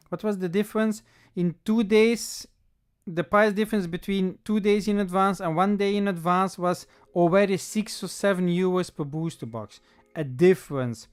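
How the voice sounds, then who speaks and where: A chatty livestream host opening card packs and talking straight to the viewers. The voice is smooth and clean, pitched in a middling range. Talks loosely, thinks aloud and corrects itself mid-sentence. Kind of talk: casual livestream chat while opening packs.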